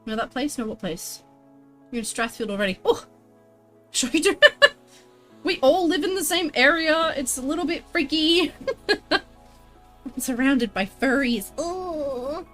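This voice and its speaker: A woman's voice: high-pitched, lively intonation, measured pace, pauses often, sharp tone, faint music behind. A woman chatting casually on a livestream while crafting, reading out chat messages and answering them in a chatty, exclamatory way. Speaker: streamer crafting a costume tail.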